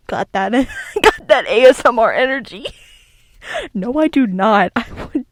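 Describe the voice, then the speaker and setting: A woman's voice: on the high side, animated, unhurried, no room sound. A young woman chatting casually on her own into a desk microphone, rambling and giggling with many restarts. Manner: rambling, giggly, self-interrupting. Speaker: video creator. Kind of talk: casual solo commentary. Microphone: desk microphone with echo filter.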